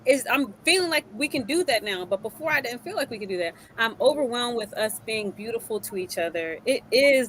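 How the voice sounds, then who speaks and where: Animated laughing woman co-host. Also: on the high side, brisk, hardly any pauses, a little hiss or hum, rough recording. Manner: animated, laughs often, emotional. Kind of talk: casual talk show chat.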